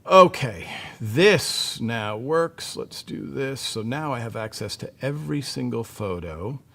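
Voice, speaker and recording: Male live-stream host, mid pitch, chatty and meandering, talks into a desk mic. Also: lively intonation, takes it slowly, creaky, pushed and bright. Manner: rambling, chatty, many fillers and restarts. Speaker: livestream host. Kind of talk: casual live-stream chat.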